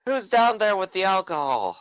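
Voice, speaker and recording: A man's voice: high-pitched, very animated, normal speed, fairly bright tone, no room sound, pitched above the performer's own voice, low-quality recording. Man doing a slurring drunk man. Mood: drunken. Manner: slurred, gruff, boozy.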